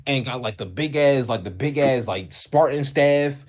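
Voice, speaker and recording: A young man co-hosting a podcast, telling a story in a casual, animated way, acting out the people in it with lots of slang and swearing. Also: medium pitch, normal speed. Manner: animated, acts out quoted voices, heavy profanity and slang. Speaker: podcast co-host.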